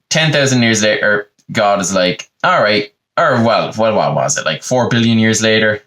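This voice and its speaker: Low-voiced man telling a rambling comic story. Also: fairly bright tone. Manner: rambling, profane, conversational. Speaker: podcast host, comedian. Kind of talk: comedic storytelling.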